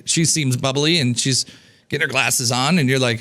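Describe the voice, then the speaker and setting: A man in his thirties teaching business coaching in an energetic, casual way, acting out snippets of dialogue and swearing now and then. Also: moderate pace. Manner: animated, acts out dialogue in a higher voice, casual swearing.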